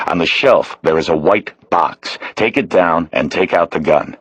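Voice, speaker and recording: A man's voice: sits low, slightly rough, dry recording. A man voicing a male police detective giving firm, urgent instructions.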